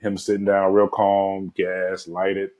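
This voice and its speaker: A man's voice: deep voice, completely flat delivery, unhurried, a little mellow. A man co-hosting a movie review chat, casually walking through scenes with lots of filler words. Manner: laid-back, recaps scenes with filler words. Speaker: podcast co-host.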